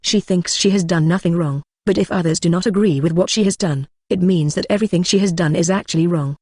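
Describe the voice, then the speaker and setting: A text-to-speech voice narrating a translated web novel as an audiobook, with a flat, even delivery that reads punctuation aloud. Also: mid-range voice, fast talker, husky, dry recording, studio quality. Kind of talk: scripted narration.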